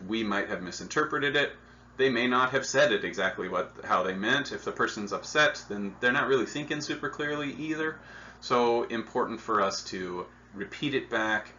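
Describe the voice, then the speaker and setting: A man with a bright, forceful voice and a fairly low pitch leads a hospital staff training talk. He explains each point earnestly, often repeating words as he goes. The recording sounds dull and lo-fi. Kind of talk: instructional training lecture.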